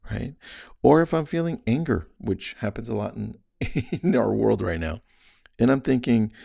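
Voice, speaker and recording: A man's voice: medium pitch, lively intonation, normal speed, creaky, mellow, no room sound, clean studio sound. A man hosting a real estate podcast, giving casual mindset coaching in a conversational way, often checking in with "right?" and acting out his own inner thoughts. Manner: chuckles mid-sentence.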